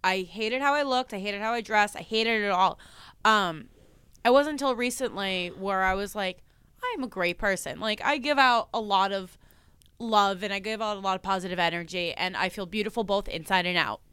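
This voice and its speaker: A young woman talking casually as a podcast guest, earnest and animated, laughing often. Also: medium pitch, moderate pace, clean tone, no room sound. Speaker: podcast guest, psychic medium. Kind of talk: casual chat.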